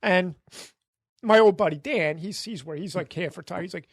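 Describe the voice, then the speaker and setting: A man who is a podcast guest telling a long story in a casual way. He is animated, acts out the people in his story and laughs often. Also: high voice, moderate pace, dry recording, clean studio sound.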